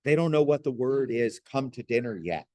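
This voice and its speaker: A man with a mid-pitched voice gives a spoken faith lesson in an earnest, pastoral way, reaching for homely examples. The sound is dry and close, with no room echo. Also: lively intonation, normal speed, darkish tone. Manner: earnest, pastoral, folksy illustrations. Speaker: Christian teacher. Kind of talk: gentle spoken teaching.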